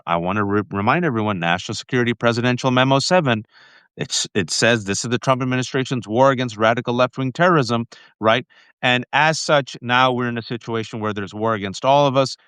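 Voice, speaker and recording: A man's voice: mid-range voice, fairly bright tone, no room sound. A man appearing as a guest on a political livestream, telling events in an emphatic, insistent way. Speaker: guest commentator. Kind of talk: impassioned political talk.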